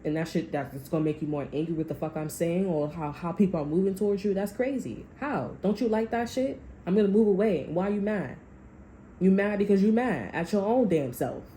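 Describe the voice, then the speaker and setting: A woman's voice: on the low side, fairly quick, dark tone, echoey room, a little hiss or hum, low-quality recording. A woman giving a tarot reading, talking to her viewers in a blunt, profane, sassy way. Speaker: tarot reader. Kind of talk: casual spiritual reading monologue.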